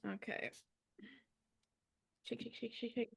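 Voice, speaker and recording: A woman with a gravelly, fry-heavy voice playing in a tabletop game, running through her character's moves in a relaxed way with quick asides. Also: on the high side. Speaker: player. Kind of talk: casual tabletop game play.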